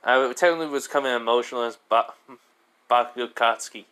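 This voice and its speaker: A man's voice: medium pitch, bright, forceful tone, clear, resonant tone, close to an everyday voice. A modest teenage boy who stumbles and restarts as he talks, sounding worn out and sore, as a man puts him on in a fan story. The voice stays close to an everyday speaking voice. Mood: explaining. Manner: hesitant, halting speech.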